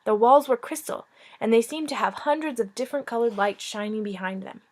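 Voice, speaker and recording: A woman's voice: fairly high pitch, a little fast. Woman teacher, informal read-aloud of a kids' novel, chatty asides. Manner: informal, joking, breaks off to chat. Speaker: teacher reading a book aloud.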